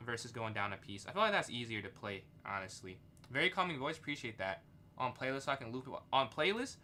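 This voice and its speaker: Young male streamer talking through live chess games, bright tone, quick outbursts, faint typing behind. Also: medium pitch, slight background noise. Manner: thinks aloud, reads chat, excitable outbursts.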